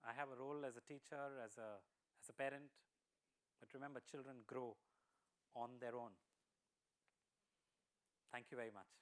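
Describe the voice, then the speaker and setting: A man's voice: medium pitch, fairly even intonation, normal speed, pauses often. A man giving a motivational talk to teachers, telling a story in a conversational way. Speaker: guest speaker for teachers. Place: school auditorium.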